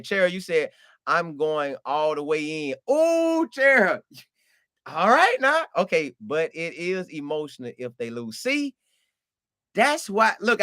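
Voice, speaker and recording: Chatty high-voiced man hosting. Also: bright, forceful tone, no room sound, clean studio sound. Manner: loose and talkative, preachy asides, thanks viewers. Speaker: podcast host reading live chat. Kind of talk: casual live-stream chat.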